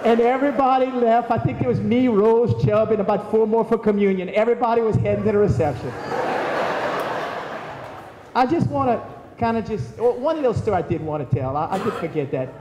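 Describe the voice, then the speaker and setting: A man's voice: high voice, brisk, highs cut off, background noise. A man giving a eulogy in a large church, telling stories and acting out the voices of the people in them. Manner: storytelling, acting out quoted voices. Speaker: eulogy speaker. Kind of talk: eulogy with anecdotes. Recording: echoey hall from far off.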